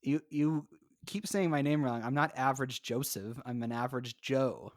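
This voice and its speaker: A man's voice: medium pitch, normal speed, dry recording, clean studio sound. A man hosting a casual podcast from home, chatty, introducing guests with rambling asides. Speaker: podcast host. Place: home, recording remotely.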